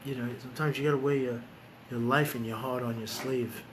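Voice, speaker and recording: A man talking bluntly and profanely in a low, quiet voice while grieving, then singing along to guitar. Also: steady tone, a little fast, slight background noise. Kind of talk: emotional casual talk and singing. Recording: loud guitar music behind.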